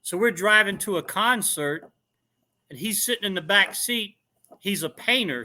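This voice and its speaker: A middle-aged man with a high, very bright voice, telling stories in a casual chat. He talks animatedly, putting on voices for the people in his tale and laughing along.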